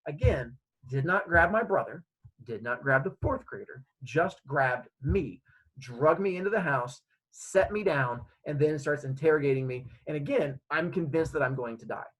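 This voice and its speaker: A man's voice: fairly high pitch, animated, normal speed, fairly bright tone, slightly rough, rough recording. A man telling a funny story from his childhood, acting out the scenes. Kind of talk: comedic personal storytelling.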